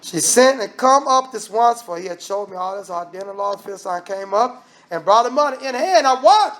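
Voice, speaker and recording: A man preaching a lively sermon, firing off rhetorical questions and acting out voices. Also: high voice, moderate pace.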